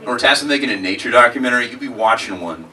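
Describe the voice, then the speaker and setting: A man's voice: medium pitch, lively intonation, fast, sharp tone. A man doing a stand-up comedy set, rambling and self-deprecating, saying "like" and "man" a lot, recorded live in a comedy club. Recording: live club audio, mic heard from a distance, crowd noise.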